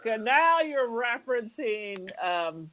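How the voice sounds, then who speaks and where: Expressive woman on a casual podcast. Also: fairly high pitch, unhurried. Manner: opinionated, blunt, joking. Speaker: podcast co-host. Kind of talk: casual chat.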